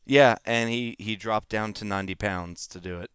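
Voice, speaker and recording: A man in casual podcast chat, making dry deadpan jokes, often quietly. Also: fairly low pitch, moderate pace, smooth.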